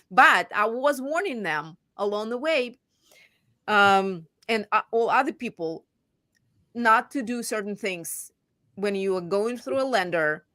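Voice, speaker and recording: A woman real estate agent chatting casually about home buying, animated and voicing her clients' lines. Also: mid-range voice, slow pace, pauses often, no echo, studio quality. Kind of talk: casual chat.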